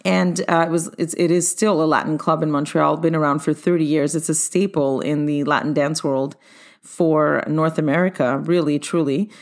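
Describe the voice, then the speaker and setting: Casting: middle-aged woman, dance studio owner, upbeat and chatty storyteller with a slightly low voice. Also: fairly even intonation, moderate pace. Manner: upbeat, chatty, addresses listeners directly. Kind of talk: personal storytelling monologue.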